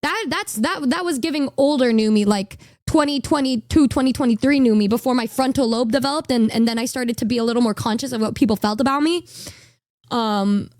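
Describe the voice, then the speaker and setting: A woman's voice: on the high side, fairly quick, darkish tone, no echo, studio quality. A woman in her twenties, a streamer telling a story in casual chat, rambling and stammering with a bashful, giggly manner.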